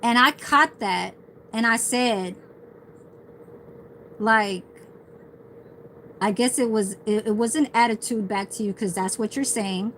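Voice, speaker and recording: Rambling, profane woman streamer with a slightly high voice, faint room ambience. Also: slow, long pauses, fairly bright tone, slight background noise, rough recording. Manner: heavy swearing, rambling storytelling. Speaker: livestreamer. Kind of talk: casual livestream rant.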